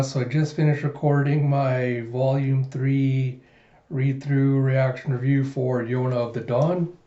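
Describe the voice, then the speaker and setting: A man hosting his own channel, summarizing a manga chapter by chapter in a relaxed, casual way, full of "he's like.". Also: mid-range voice. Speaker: host of a manga review channel. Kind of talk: casual manga read-through. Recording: dull echoey room recording.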